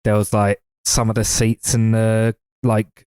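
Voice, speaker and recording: A man, a podcast co-host, giving measured, thoughtful takes in a casual film chat. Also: fairly low pitch, completely flat delivery, darkish tone, clean tone, no room sound, clean studio sound.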